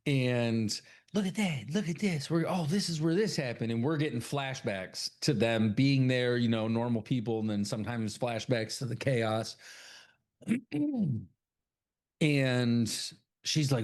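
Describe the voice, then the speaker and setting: With lively intonation, a medium-pitched, slightly mellow voice and a moderate pace, a male co-host of a horror podcast chats through a film's plot loosely. He swears along the way and voices the characters' dialogue.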